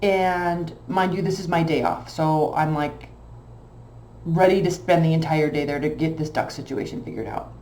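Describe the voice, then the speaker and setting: A woman's voice: low voice, normal speed. A woman telling a long personal story in a casual, emotional, rambling way. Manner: animated, emotional, rambling anecdote. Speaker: tarot reader. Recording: echoey room with faint background hum.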